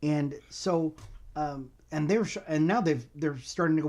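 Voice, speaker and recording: A man co-hosting a casual political chat on a faith podcast, speaking in a measured, deliberate way with frequent ums and repeated phrases. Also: on the high side, darkish tone. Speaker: co-host.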